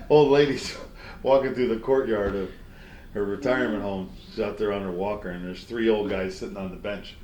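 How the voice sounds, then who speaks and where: A man's voice: fairly low pitch, wildly swooping pitch, normal speed, pauses often, a little mellow, reverberant, a little hiss or hum. A man, a comedian guest in an interview, telling old jokes in a folksy way and slipping into character voices. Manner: folksy joke-teller, slips into character voices.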